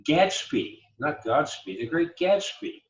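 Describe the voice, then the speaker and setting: Slow emphatic guy lecturing, leans hard on stressed syllables, roomy dull-sounding recording. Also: medium pitch, animated. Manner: slow and emphatic, exaggerating word stress to demonstrate. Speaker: college lecturer.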